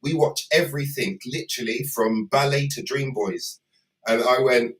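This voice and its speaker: A man's voice: mid-range voice, moderate pace, a bit bright. Chatty man, roomy and a bit distant. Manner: laughing, storytelling, loose and chatty. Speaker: performer co-hosting a livestream. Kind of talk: casual chat.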